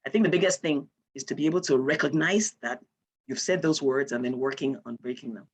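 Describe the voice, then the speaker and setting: A woman's voice: a bass voice, a little fast, slightly rough. A woman from Nigeria, giving an online lecture and explaining with example sentences.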